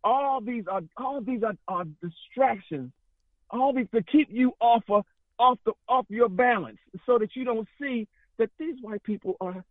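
A man's voice: extremely high pitch, moderate pace, dry recording. A man calling in to a radio talk show, speaking in a fiery, rambling way and often repeating himself. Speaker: caller. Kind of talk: impassioned call-in talk. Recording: tinny phone line.

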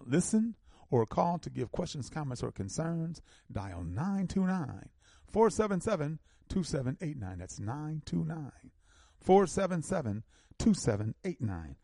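A man hosting a community radio show, reading out local announcements and repeating phone numbers slowly with emphatic stresses. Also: mid-range voice, creaky, dark tone, husky, dry recording, clean studio sound.

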